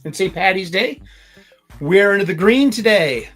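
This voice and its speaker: A man's voice: high voice, animated, a bit bright, faint music behind. Rambling man hosting a casual livestream. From Boston area. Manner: rambling, halting, many fillers and restarts. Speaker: comics review livestream host.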